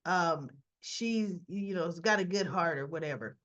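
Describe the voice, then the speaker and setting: A woman's voice: on the low side, normal speed, fairly bright tone, highs cut off. A woman casually recapping a soap opera episode, acting out the characters' lines with chatty asides to her viewers. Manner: chatty, retells scenes by voicing the characters' lines.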